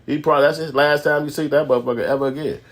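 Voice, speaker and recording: A man telling profane comedic stories as host of a commentary show, rambling and animated, swinging from loud to mumbling. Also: fairly high pitch, very fast.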